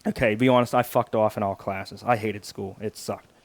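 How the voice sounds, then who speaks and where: A man's voice: on the low side, steady tone, moderate pace, creaky, no echo. A man hosting a podcast alone, talking in a crude, sarcastic, rambling way. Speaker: podcast host. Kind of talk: casual solo podcast talk.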